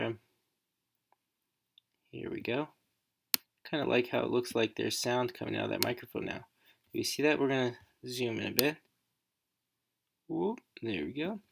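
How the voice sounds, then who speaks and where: A woman educator giving a casual, chatty screen-recorded software walkthrough, thinking aloud as she works. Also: extremely low pitch, vocal fry, noisy background.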